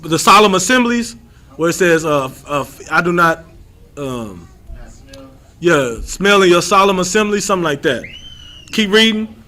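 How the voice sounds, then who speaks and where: A man's voice: sits high, expressive, normal speed, pauses often, bright, forceful tone. A man leading an informal Bible lesson, emphatic and repetitive, calling on readers by title. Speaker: scripture teacher.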